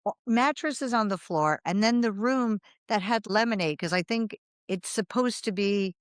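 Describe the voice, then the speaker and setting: A woman's voice: mid-range voice, normal speed, no echo, clean studio sound. A woman in her fifties, a writer, telling a long, rambling anecdote in a casual interview, acting out quoted dialogue and laughing along the way. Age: 50s. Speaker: guest, writer.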